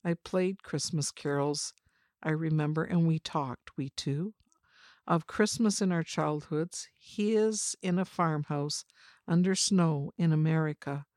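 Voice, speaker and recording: A woman with a fairly low voice reads a first-person memoir, measured and reflective. The sound is close and dry, with no room around it. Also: darkish tone, dry recording. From China. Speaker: narrator of a personal story.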